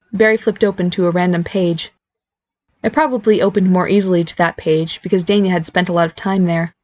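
A woman's voice: mid-range voice, darkish tone, dry recording. Woman reading a story aloud, dry sound. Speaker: audiobook narrator. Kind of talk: scripted narration.

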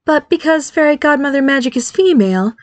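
A woman's voice: sits high, lively intonation, brisk, dry recording, voice pushed up. A woman voicing an eager, nervous fairy godmother mother who chatters and reassures, in an audiobook reading. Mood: chatty, anxious. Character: cheerful, nervous middle-aged fairy godmother mom.

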